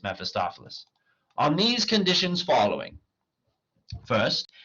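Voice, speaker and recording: Male reader doing a proud doomed scholar, husky and bright, voice cracking, lo-fi recording. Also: medium pitch, voice pushed up. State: voice cracking, strained. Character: proud scholar selling his soul, male. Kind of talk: dramatic reading of a play.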